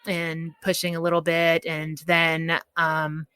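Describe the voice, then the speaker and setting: A woman's voice: sits low, completely flat delivery, slow pace, fairly bright tone, smooth, no echo. A woman guest on a podcast, chatting casually as she tells her birth story, laughing often and acting out what people said.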